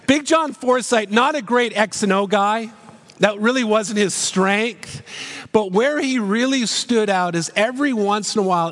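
A pastor in his fifties preaches a sermon with earnest emphasis, his voice high for a man and a bit bright. He drives each point home with repeated rhetorical questions, and a long reverb from a large church hall fills the sound.

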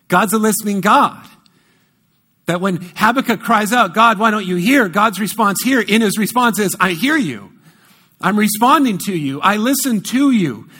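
A male pastor with a rather high voice delivers a sermon in an emphatic, conversational way. He leans on repeated words for stress and drops in quick self-correcting asides. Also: a bit bright.

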